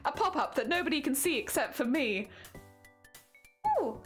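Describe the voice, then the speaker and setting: A woman's voice: sits high, expressive, moderate pace, faint music behind. A young British woman streaming while she crafts, chatting casually and self-deprecatingly with her viewers, often sighing "oh dear".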